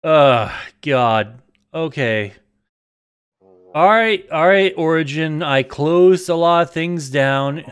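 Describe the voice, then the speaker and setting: A man streaming a game live, chatting casually, swearing often and snapping into sudden yells. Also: on the high side, takes it slowly, clean tone. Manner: excitable, swearing, prone to sudden yelling outbursts. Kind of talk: casual live-stream chat while gaming.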